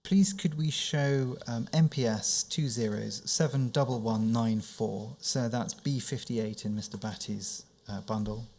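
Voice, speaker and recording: A man acting as counsel at a formal inquiry, questioning a witness in a measured, precise way and citing document references. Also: medium pitch, steady tone, gravelly, darkish tone.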